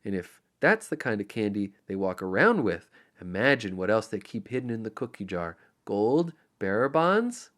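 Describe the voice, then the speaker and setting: A man's voice: on the low side, big pitch swings, moderate pace, few pauses, a bit bright. A man voicing a greedy, scheming burglar leader with a German accent, in an audiobook. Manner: smug, plotting.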